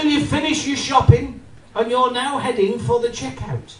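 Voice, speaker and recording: Stand-up guy, high lively voice, bit far off the mic. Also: moderate pace. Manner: animated, addresses the audience, acts out voices. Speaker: stand-up comedian. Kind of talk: stand-up routine. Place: live comedy venue with audience. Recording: roomy live venue, mic from a distance.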